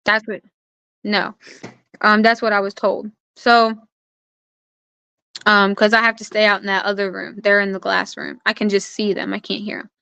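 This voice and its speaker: A young woman speaks as an interview guest, earnestly walking through what happened and quoting the people involved. Her voice is bright and smooth, held in a narrow, even pitch range. The sound is dry and close. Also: moderate pace, pauses often, no room sound. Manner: earnest, recounts events with quoted dialogue. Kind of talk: personal account in conversation.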